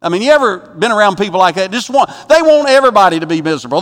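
A man's voice: high voice, sing-song, fast, in a large hall. Emphatic male pastor preaching a sermon. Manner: emphatic, swinging from loud exhortation to quiet reflection; repeats phrases for emphasis.

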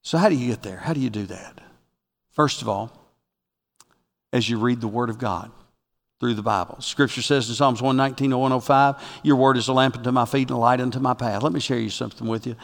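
A pastor preaching a sermon to his congregation. He moves from quiet reflection to loud, rising exhortation. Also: mid-range voice, brisk, creaky, big-room sound.

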